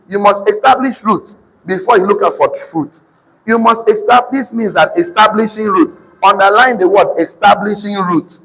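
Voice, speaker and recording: A man with a Nigerian accent preaching to a live congregation, calling for responses and slowly repeating key lines for notes. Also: high voice, breathy edge. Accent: Nigerian English. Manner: sudden shouted emphasis. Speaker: motivational preacher. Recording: reverberant hall.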